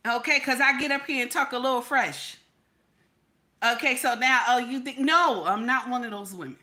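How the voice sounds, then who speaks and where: A married woman hosting her own channel, giving blunt, profane, animated commentary straight to her viewers. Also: fairly high pitch, moderate pace. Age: adult, married. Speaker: channel host.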